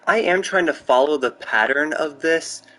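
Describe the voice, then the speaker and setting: A young man chatting casually and candidly while building in a game, rambling through stories, excitable, close to his microphone. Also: on the high side, normal speed, a little hiss or hum, rough recording. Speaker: gaming streamer. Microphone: close desk mic.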